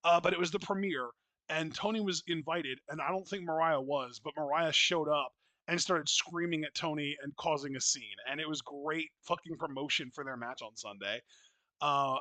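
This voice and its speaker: A man's voice: fairly high pitch, bright, forceful tone, no echo. A man co-hosting a casual podcast, talking in a blunt, opinionated and profane way, with rambling restarts. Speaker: wrestling podcast co-host.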